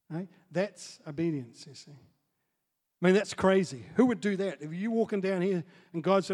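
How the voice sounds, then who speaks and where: High-voiced man preaching in an echoing hall. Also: normal speed. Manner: swings from soft asides to loud excited storytelling. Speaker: pastor. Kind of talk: sermon. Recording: long hall reverb.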